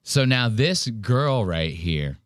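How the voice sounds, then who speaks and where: A man's voice: mid-range voice, very animated, slow pace, no echo, studio quality. A man hosting a podcast, reacting to clips in a casual, profane, wry way. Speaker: podcast host.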